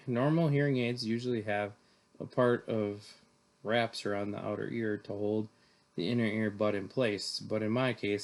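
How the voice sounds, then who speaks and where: A man reading a novel aloud in first person, plainly, with the odd slip and restart. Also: on the low side. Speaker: reader.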